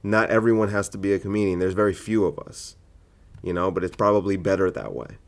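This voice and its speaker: A male comedian hosting his own podcast with a somewhat low voice. He argues his case in a loose, filler-heavy monologue, firing off rhetorical questions. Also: a little fast. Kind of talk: opinionated solo podcast monologue.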